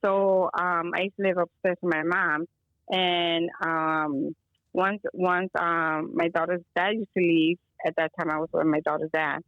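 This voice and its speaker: A woman's voice: on the low side, level tone, measured pace, no echo, dull audio. A woman guest on a call, telling a long story casually with many fillers and Spanish phrases mixed in. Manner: rambling, filler-heavy, mixes in Spanish phrases. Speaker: guest caller. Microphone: phone or video call.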